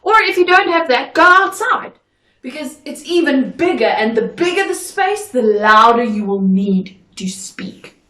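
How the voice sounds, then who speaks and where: Slow, clearly articulating woman drama teacher. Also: sits high, big pitch swings, sharp tone. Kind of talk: instructional video lesson. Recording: echoey room.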